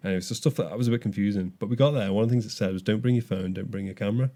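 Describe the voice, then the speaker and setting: Man, young adult, fast talker, mellow low voice, animated storyteller. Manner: animated storytelling with frequent restarts. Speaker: podcast co-host. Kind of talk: casual chat.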